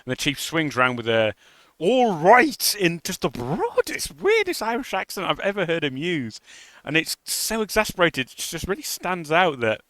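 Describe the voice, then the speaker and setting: A man co-hosting a podcast, reviewing an episode in an animated way and acting out the lines he quotes. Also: fairly high pitch, normal speed, no room sound. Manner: animated, laughs, acts out quotes. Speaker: podcast co-host. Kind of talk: casual chat reviewing an episode.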